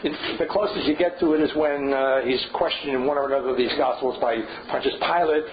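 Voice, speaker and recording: A man's voice: medium pitch, steady tone, a little fast. An older man leading a seminar on scripture, thinking aloud with frequent restarts and asides. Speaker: seminar leader. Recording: dull lo-fi recording with faint hiss.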